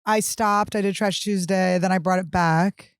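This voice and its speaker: A woman in her thirties hosting a comedy podcast, trading quick jokes and teasing her guest. The sound is dry and close, with no room behind it. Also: medium pitch, steady tone, clear, resonant tone, no room sound. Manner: joking, teasing, quick banter. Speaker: podcast host. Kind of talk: casual comedic chat.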